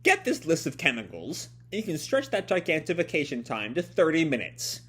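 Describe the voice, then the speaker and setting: A sneering, scheming mad scientist goads his listener in a raised, taunting voice, as a man reads the comic aloud. The pitch sits well above the reader's usual and bounces with scorn. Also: wildly swooping pitch, a little fast, a bit bright, breathy edge, exaggerated voice. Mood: mocking. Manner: mocking, goading.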